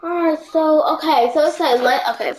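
A gaming host with a high voice talks at a moderate pace in casual let's-play commentary, addressing both the game characters and his viewers. The recording is noisy, with mouse clicks audible.

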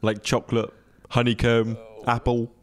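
A man's voice: mid-range voice, monotone, normal speed. A man co-hosting a podcast in casual chat, playful and teasing, laughing often. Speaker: podcast co-host.

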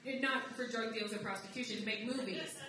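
A young woman performs stand-up comedy in a live venue, her voice slightly high and wry in tone. She is heard from across a very echoey room. There is a layer of noise under her voice throughout the recording. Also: brisk, a crowd in the background. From outside the United States. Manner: wry, conversational, swings into high mocking voices for quotes. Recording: roomy live recording from a distance, noisy.

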